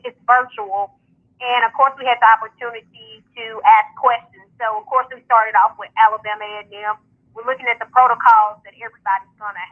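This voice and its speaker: A woman calling in to a radio show, chatting casually and upbeat about her sports media work. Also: fairly high pitch. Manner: upbeat, talks in long runs with fillers. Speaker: founder and host of a sports media outlet, radio guest. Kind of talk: casual radio call-in chat. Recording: phone line call-in.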